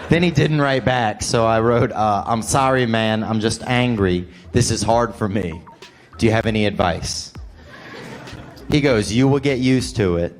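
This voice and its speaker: A man's voice: medium pitch, normal speed, music in the background. A man doing stand-up comedy, telling a rambling story with a wry delivery.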